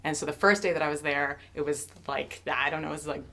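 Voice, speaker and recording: Woman, very low pitch, interview guest, measured anecdote. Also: steady tone, sharp tone. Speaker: cast member. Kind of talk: casual anecdote.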